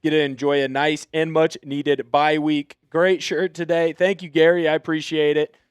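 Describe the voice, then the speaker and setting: A man's voice: on the high side, little pitch movement, normal speed, clear, resonant tone, dry recording, clean studio sound. A man hosting a live sports stream, greeting chat viewers in an upbeat, chatty way. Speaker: host.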